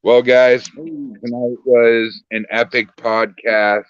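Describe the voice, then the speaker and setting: A man's voice: medium pitch, fairly even intonation, slow pace, no room sound, dull audio. A man hosting a paranormal podcast, joking loosely as he wraps up the show. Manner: loose, joking sign-offs. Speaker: podcast host. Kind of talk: casual podcast chat.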